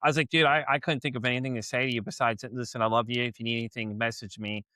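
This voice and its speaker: A man's voice: medium pitch, steady tone, racing, pushed and bright, dry recording, studio quality. A man with a Texan accent hosting a podcast in casual chat, telling stories animatedly, swearing and acting out his own reactions. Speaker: podcast host.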